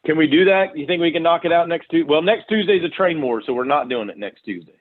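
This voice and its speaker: A man leading a sales team meeting, telling animated stories and setting the schedule. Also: fairly high pitch, quick pace. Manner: animated storytelling with quoted dialogue. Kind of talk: team call, casual meeting talk. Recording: tinny phone-line audio.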